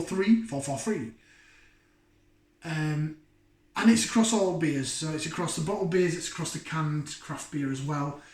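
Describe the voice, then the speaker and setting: Chatty beer vlogger, rambling, self-mocking, slightly higher voice, roomy echo. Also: male voice. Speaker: beer reviewer. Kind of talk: casual chat to camera.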